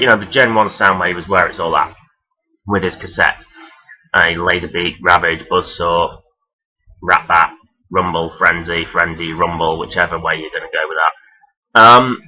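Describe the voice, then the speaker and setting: A man talking casually and rambling as he counts down his favourite characters, swearing freely and filling pauses with "um". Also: low voice, pushed and bright, rough recording. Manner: rambling, profane, many fillers. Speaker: vlogger ranking toy robot characters. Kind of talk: casual unscripted countdown talk.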